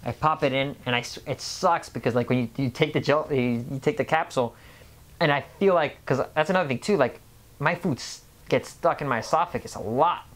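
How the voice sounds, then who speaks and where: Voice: medium pitch, fairly quick, slight background noise. A vlogger of Mexican background talking in a casual monologue, rambling, stopping and restarting, and repeating words. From Mexican family background. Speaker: health vlogger.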